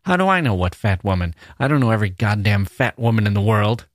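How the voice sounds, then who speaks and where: A low, menacing drawl from a smooth-talking stalker who coaxes with easy slang, read aloud by a man. The voice sits deep and flat, and the recording is close and dry with no room sound. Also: fast talker, no echo. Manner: coaxing, drawling, casual slang.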